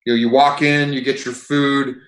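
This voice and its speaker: A man guest telling lively anecdotes in a casual chat over a video call, laughing as he goes. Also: medium pitch, normal speed, echoey room, low-quality recording. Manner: animated anecdote-telling, laughs mid-sentence. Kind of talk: casual storytelling.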